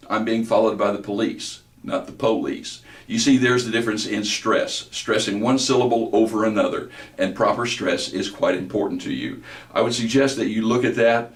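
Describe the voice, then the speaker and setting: Guy with a lowish voice giving a speech lecture, careful and precise, mic kinda far off. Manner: deliberate, demonstrates words slowly and precisely. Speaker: speech instructor. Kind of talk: recorded lecture. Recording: echoey room, mic at a distance.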